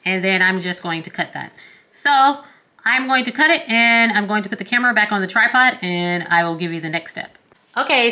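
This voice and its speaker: A woman's voice: medium pitch, sharp tone. A woman with a Southern US accent, chatting casually while walking viewers through a sewing tutorial in a folksy, self-deprecating way. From American South. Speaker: craft tutorial host.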